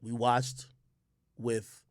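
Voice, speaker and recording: A man's voice: medium pitch, little pitch movement, extremely slow, no room sound, clean studio sound. A man giving an emphatic, slangy opinion rant as a streamer, rambling and restarting his sentences. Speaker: streamer and commentator.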